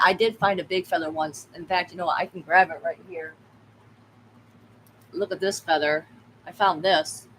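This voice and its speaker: Lady tarot reader rambling on a livestream, kinda low voice, drops f-words, talks to the chat. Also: a bit bright, a little hiss or hum, rough recording. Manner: chatty, swears freely, reacts to chat. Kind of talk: casual live-stream chat.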